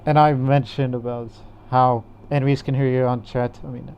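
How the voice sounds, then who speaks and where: A man's voice: mid-range voice, little pitch movement, normal speed, muffled recording, a little hiss or hum. A man co-hosting a casual gaming podcast, rambling with fillers and restarts. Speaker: podcast co-host.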